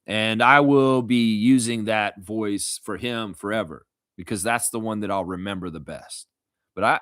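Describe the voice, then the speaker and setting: A man's voice: on the low side, fairly bright tone, no room sound, clean studio sound. A man hosting a casual live stream, reading chat comments and rambling with jokes and laughter.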